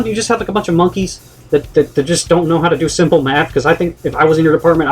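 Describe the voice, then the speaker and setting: A man's voice: a little high, very fast, husky, soft background music. A man ranting on a vlog, exasperated and profane, rambling with many restarts. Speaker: vlogger. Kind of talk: comedic rant vlog.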